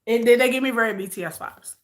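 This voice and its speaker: A woman's voice: a little high, fast. A woman vlogger chatting casually on a livestream, rambling and repeating herself as she answers viewer comments.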